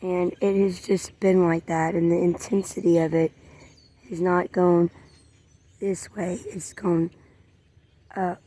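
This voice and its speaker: A woman talks slowly and earnestly in a faith vlog. Her voice sits low, and she often repeats phrases or lets them fade to a whisper. Birdsong and outdoor sounds carry behind her. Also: flat delivery, dark tone. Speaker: vlogger. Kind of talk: emotional faith-sharing vlog.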